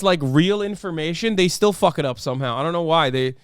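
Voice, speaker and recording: A man's voice: fairly high pitch, expressive, brisk, smooth, dry recording, studio quality. A man hosting a stream, giving casual political commentary in a heated, profane way. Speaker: streamer host.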